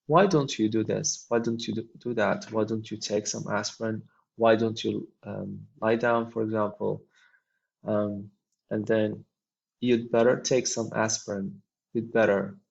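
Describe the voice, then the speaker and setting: Man, English teacher, low gravelly voice, patient explanations with many ums, dull lo-fi recording. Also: steady tone. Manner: reads example lines then explains them slowly, with many ums. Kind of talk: explaining a textbook dialogue.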